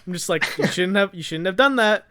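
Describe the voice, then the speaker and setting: A man's voice: high voice, lively intonation, brisk, bright, forceful tone. A young man co-hosting a podcast in casual chat, rambling through stories, laughing often and acting out his friends' lines. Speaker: podcast co-host.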